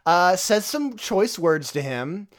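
A man's voice: sits high, very animated, takes it slowly. A man co-hosting a podcast, casually retelling a film scene and acting out the characters' lines, swearing freely. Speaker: podcast co-host. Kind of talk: casual film review chat.

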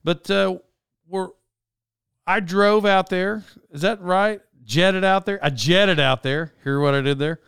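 A man's voice: high voice, a little slow, gravelly, fairly bright tone, clear, resonant tone, dry recording, clean studio sound. A middle-aged man telling a casual personal anecdote, rambling and self-mocking, with lots of fillers and chuckles. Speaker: storyteller.

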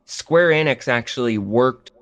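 A man's voice: medium pitch, unhurried, a bit bright. A man chatting casually on a gaming podcast, rambling with lots of fillers and restarts. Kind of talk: casual podcast chat about games. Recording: slightly dull lo-fi audio.

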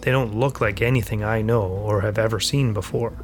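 A man hosting a podcast, reading a first-person account as scripted narration in a measured, plain storytelling manner. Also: fairly low pitch, steady tone, over music. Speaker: podcast host.

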